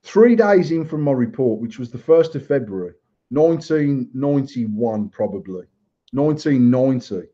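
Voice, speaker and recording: A man's voice: medium pitch, animated, normal speed, mellow. An English man in his thirties or forties, telling a crude story in casual podcast chat, swearing constantly. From England. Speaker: podcast host. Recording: dull lo-fi recording.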